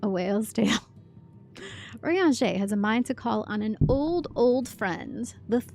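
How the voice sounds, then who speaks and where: Woman, game streamer, casual chat, giggly, slow, gravelly fry. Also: on the high side, expressive, mellow, faint music behind. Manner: giggly, chatty, reacting to chat.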